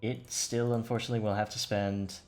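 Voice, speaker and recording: A man narrating combat turns as game master, quick and matter-of-fact. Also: fairly low pitch, level tone, soft background music. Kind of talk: running a tabletop game.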